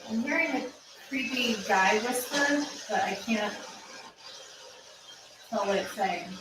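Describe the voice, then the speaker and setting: A woman paranormal investigator asking quiet, probing questions while investigating. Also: fairly high pitch, takes it slowly. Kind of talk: investigation footage, talking to spirits. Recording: echoey room from far off, faint noise.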